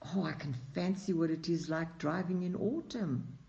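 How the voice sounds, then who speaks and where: A man's voice: fairly high pitch, steady tone, moderate pace, vocal fry, a little mellow. A man voicing a good-humoured young male student who chats lightly on a cart ride. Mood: amused. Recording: dull lo-fi recording.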